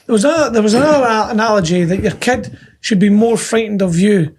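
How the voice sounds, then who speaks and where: Husky high-voiced man. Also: fast talker. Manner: animated storyteller who acts out quotes. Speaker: podcast co-host. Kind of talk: casual chat.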